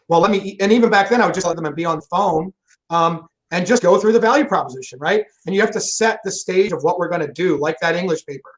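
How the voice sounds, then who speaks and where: A man talking fast and emphatically in a casual interview about selling, rambling and swearing freely. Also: high-pitched, a bit bright, rough recording. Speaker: solar sales pro guest.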